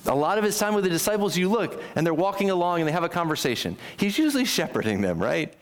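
Animated man preaching a sermon. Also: quick pace. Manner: animated preaching, asks the congregation questions; acts out quoted speech with sharp jumps in pitch. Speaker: pastor.

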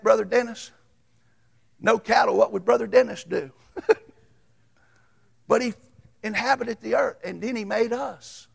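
A man preaching a sermon as a Baptist pastor, folksy and storytelling, swinging from loud to hushed. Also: sits high, gravelly.

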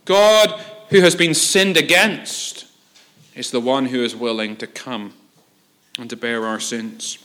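A man's voice: medium pitch, expressive, a little slow, bright, forceful tone. A man preaching a sermon as pastor, earnest and emphatic, with repeated phrases and rhetorical questions.

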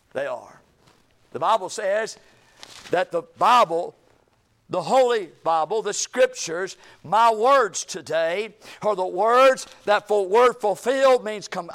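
A man preaching a sermon, shouting key points and dropping low at the ends of phrases. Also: expressive, unhurried. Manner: folksy, emphatic preaching with sudden shouts and drops to low trailing endings.

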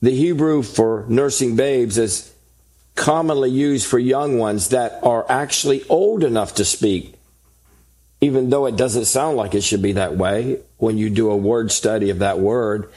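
Male pastor, sermon delivery, unhurried and deliberate, mid-pitched. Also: darkish tone. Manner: slow, deliberate preaching with emphatic lists.

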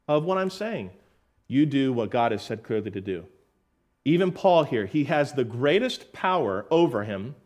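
A man preaching a verse-by-verse sermon as pastor, animated, acting out scenes and quotes and often restarting his words. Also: medium pitch.

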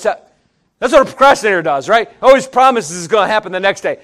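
Talking straight to his congregation, a middle-aged male pastor delivers a sermon full of folksy stories. He sounds high, expressive and a bit bright, speaking a little fast.

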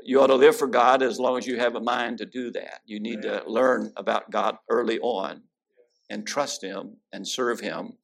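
A man's voice: medium pitch, steady tone, moderate pace, vocal fry. A man preaching a sermon, mixing folksy jokes with scripture readings in a prayerful, homespun manner. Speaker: guest preacher.

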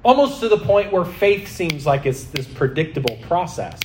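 A man's voice: a little high, lively intonation, moderate pace, reverberant, a little hiss or hum. A man preaching a sermon, emphatic and questioning, who keeps asking the congregation rhetorical questions. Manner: emphatic, asks the crowd repeated questions.

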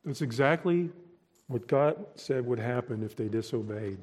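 A man preaching a sermon, deliberate and emphatic, pausing between short phrases. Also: mid-range voice, animated, a little mellow, husky. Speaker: pastor.

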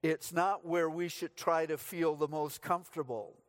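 Middle-aged male pastor, sermon delivery, dry humor, fairly high voice. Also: steady tone, moderate pace.

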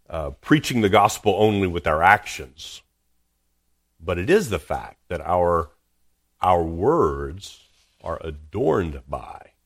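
A man's voice: low-pitched, fairly bright tone. A man preaching a sermon as a pastor, earnest, often restarting and repeating words as he reads and explains scripture.

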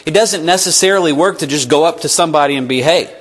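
A man's voice: a little high, fast, slightly rough. A man preaching a sermon in an earnest, conversational way, sometimes acting out short exchanges.

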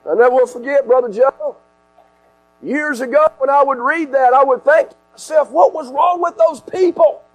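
Man preaching in a tent, very high voice, mains hum under the recording. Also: moderate pace, poor audio. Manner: preaching with sudden shouts and hushed drops. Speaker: pastor. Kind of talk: sermon. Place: outdoor tent service.

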